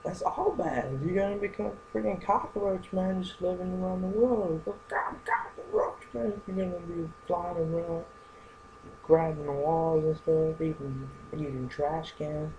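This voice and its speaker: A young man rambling through a goofy comedic vlog monologue, going from joke to joke with silly deadpan asides. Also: a little high, unhurried, slight background noise, rough recording. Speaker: vlogger.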